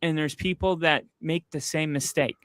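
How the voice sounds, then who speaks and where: A man's voice: on the high side, moderate pace, a bit bright, clear, resonant tone, no room sound. A young man hosting a casual sports podcast, telling a story with loose fillers and frequent swearing. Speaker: podcast host. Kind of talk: casual chat.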